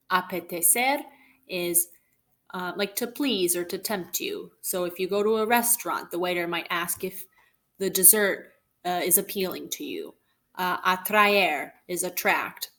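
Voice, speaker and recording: A woman's voice: fairly low pitch, gravelly, fairly bright tone. A woman teaching Spanish, narrating a recorded lesson over slides and patiently explaining example phrases in English and Spanish.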